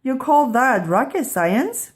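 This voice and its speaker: A woman's voice: high voice, big pitch swings, slow, pitched above the performer's own voice, heavily acted. A woman voicing a fussy lecturing professor. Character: learned fussy man professor. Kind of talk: children's storybook read-aloud.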